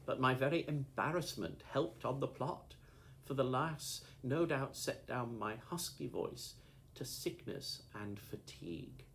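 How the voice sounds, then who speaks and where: A man narrating an audiobook with lively, expressive storytelling, over a faint background hiss. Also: mid-range voice, a little slow, low-quality recording. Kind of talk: audiobook reading.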